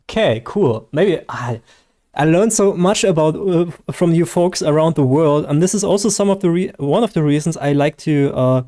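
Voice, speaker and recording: A man's voice: fairly high pitch, lively intonation, moderate pace, dark tone. A man with a German accent chatting casually and rambling to viewers on a live game stream, his first language German. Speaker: gaming streamer.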